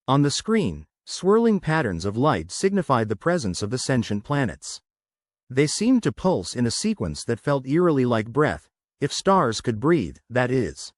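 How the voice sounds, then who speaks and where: A man narrating a sci-fi short story from a script in an expressive storytelling manner. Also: medium pitch, unhurried, no room sound, clean studio sound.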